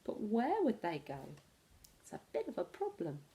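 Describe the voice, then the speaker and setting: A woman reading a picture book aloud to children, animated and pausing to ask her listeners questions. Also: mid-range voice. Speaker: storyteller for children.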